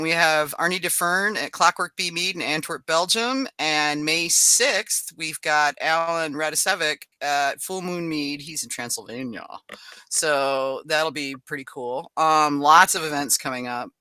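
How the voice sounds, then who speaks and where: Bright-voiced woman reading event listings. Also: sits low, clean tone, dry recording. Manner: reads a list briskly with asides and small laughs. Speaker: podcast host. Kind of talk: casual event-listing readout.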